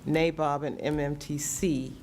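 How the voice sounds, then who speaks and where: A woman's voice: sits low, fairly even intonation, a little slow, darkish tone, slight background noise. A woman on a committee questioning the proposed wording and asking for clarification. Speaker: committee member. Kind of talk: formal meeting discussion.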